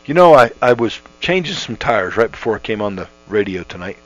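On dull lo-fi radio audio humming with mains noise, a middle-aged man teaches the Bible in a folksy, earnest, conversational way, restarting often. His voice sits on the low side and is sing-song and brisk.

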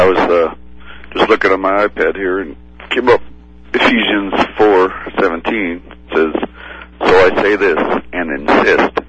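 Very deep-voiced man reading scripture. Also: dull audio, background noise. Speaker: radio co-host.

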